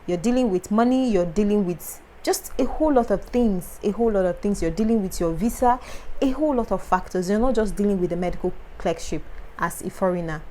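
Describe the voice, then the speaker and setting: Young Nigerian woman, earnest advice vlogger, emphatic and repetitive, mid-pitched voice. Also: fairly quick, dark tone, a little hiss or hum, rough recording. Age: young adult. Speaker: foreign medical student vlogger. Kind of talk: advice talk to camera.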